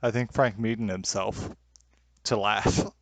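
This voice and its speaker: A man's voice: on the low side, fairly even intonation, takes it slowly, creaky, no room sound. A young man narrating as game master over a video call, rambling and hesitant with many fillers.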